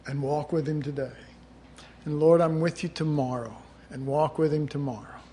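A man's voice: a little high, fairly even intonation, normal speed, mellow, slight background noise. Conversational middle-aged male preacher. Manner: conversational preaching, acting out quoted voices. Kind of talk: sermon.

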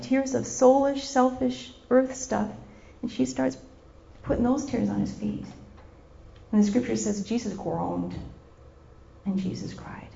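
An impassioned woman preacher with a slightly high voice, repeating her phrases and acting out scenes as she preaches. The sound is muffled and lo-fi. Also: slow pace, creaky. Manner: impassioned, repetitive, acts out scenes. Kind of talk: sermon. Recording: dull lo-fi recording.

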